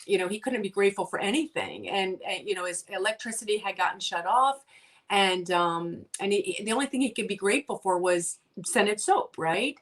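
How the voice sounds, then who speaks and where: A woman's voice: medium pitch, expressive, brisk, far from the mic. A woman guest talking earnestly in a casual conversation, with many ums and restarts. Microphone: video call.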